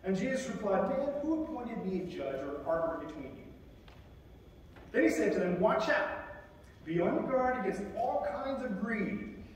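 High-voiced male chaplain in a booming hall. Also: sing-song, moderate pace, slight background noise. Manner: conversational, acts out scripture quotes with shifting voice. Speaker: military chaplain. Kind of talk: sermon. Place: large chapel. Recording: echoey chapel from far off.

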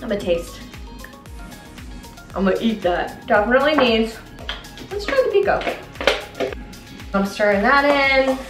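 A woman's voice: on the high side, expressive, measured pace, pauses often. Chatty playful woman doing a cooking vlog, kinda far from the mic in a roomy kitchen, faint music under. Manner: chatty and playful, with jokey asides. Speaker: cooking vlogger. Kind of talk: casual cooking demo chat. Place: home kitchen.

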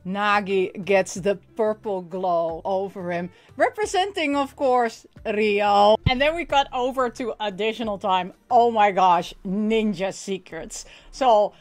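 A woman hosting a casual anime recap and toy unboxing, excitable and often laughing as she acts out lines. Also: mid-range voice, slow pace, hardly any pauses.

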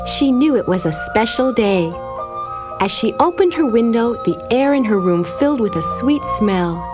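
A woman gently and expressively narrating a children's storybook. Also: a little high, lively intonation, normal speed, music in the background.

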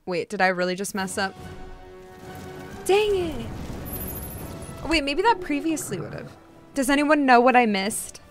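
A woman streaming a video game, chatting casually with her viewers and cooing softly at her cat into a desk microphone. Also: fairly high pitch, lively intonation, fairly quick. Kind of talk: casual live-stream chat. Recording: loud game soundtrack under voice. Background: game music.

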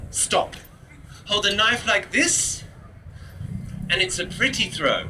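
This English street performer works a crowd with loud, cheeky patter, teasing and swearing to draw laughs in an outdoor city square. His voice sits high and is animated, slow, and full of pauses. He was recorded from a distance, so he sounds far off over the loud crowd and street background.

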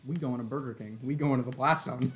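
A man's voice: mid-range voice, fast, faint music behind. A tired man giving laid-back, joking live-stream commentary while he plays a game, swearing and chuckling often.

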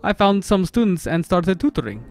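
A man's voice: high voice, big pitch swings, moderate pace, creaky, full character voice. A man putting on a comic Russian accent and broken English, reading a game's story aloud as a let's play host. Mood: hammy. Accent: put-on Russian. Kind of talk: comedic game reading.

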